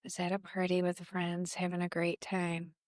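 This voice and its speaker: A woman voicing the ghost of a young woman, lost and grieving, in soft, hushed, halting short sentences, outdoors in a cemetery. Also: on the low side, monotone, no echo, clean studio sound, lightly acted. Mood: lost, sad.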